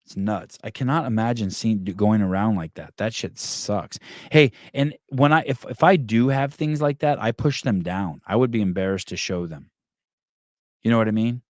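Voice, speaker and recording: A man's voice: on the low side, normal speed, no echo, clean studio sound. A man hosting a podcast in casual chat, reading live comments and ranting in a rambling, profane way with many restarts. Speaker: podcast host.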